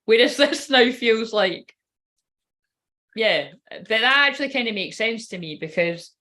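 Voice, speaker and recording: A woman's voice: fairly high pitch, expressive, a little slow, bright, forceful tone. A woman reading oracle cards in a casual, rambling livestream chat, swearing now and then. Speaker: tarot card reader.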